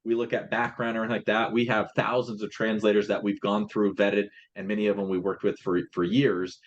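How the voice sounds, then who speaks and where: A man's voice: on the low side, little pitch movement, normal speed, lo-fi sound. A man in a casual business chat, explaining his translation company's process step by step and often restarting his phrases.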